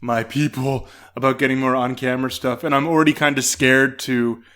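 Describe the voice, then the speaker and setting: A man's voice: medium pitch, level tone, fairly quick, fairly bright tone. A young adult man hosting a casual interview, easygoing and often restarting his sentences. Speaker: podcast host.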